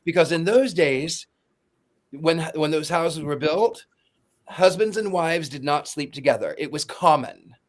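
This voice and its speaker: A man's voice: fairly high pitch, a little slow. A man co-hosting a podcast who explains with enthusiasm and wanders into long asides. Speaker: podcast co-host. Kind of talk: casual chat.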